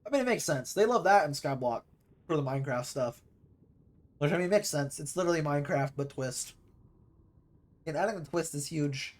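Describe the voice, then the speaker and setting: Pausing often, this young streamer speaks at normal speed in a fairly high voice with lively intonation. He chats casually and rambles while playing his video game, occasionally letting out a sudden loud mimicking shout.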